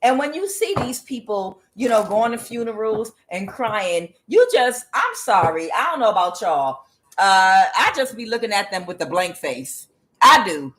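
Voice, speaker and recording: A woman reads tarot cards in a heated, cursing monologue. She mocks and scolds the people she means, with lots of "uh" between phrases. Her voice sits at an ordinary middle pitch for a woman. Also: very animated, unhurried, a bit bright. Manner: angry, profane, mocking, with many fillers. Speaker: tarot reader. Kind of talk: ranting tarot reading monologue.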